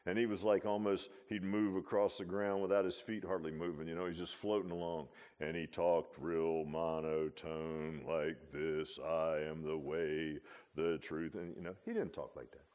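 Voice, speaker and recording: A man preaching an informal sermon as pastor, animated and folksy, tossing in laughs and rhetorical asides. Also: deep voice, moderate pace, few pauses.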